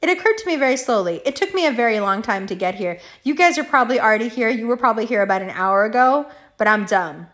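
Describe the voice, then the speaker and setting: Animated, foul-mouthed young woman telling a story. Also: on the high side, quick pace, hardly any pauses. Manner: profane, animated, acts out both sides of a quarrel. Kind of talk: casual storytime monologue.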